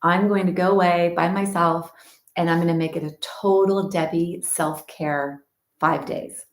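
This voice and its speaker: A woman's voice: on the low side, fairly even intonation, unhurried. A middle-aged woman yoga teacher chatting with her students before an online class, greeting them by name and rambling easily from one thought to the next. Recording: roomy echo.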